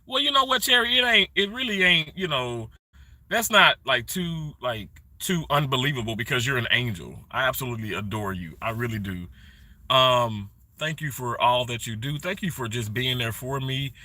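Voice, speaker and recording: A middle-aged man chatting casually on a live stream, greeting viewers by name and rambling warmly. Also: mid-range voice, expressive, normal speed, no echo. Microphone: phone held vertically.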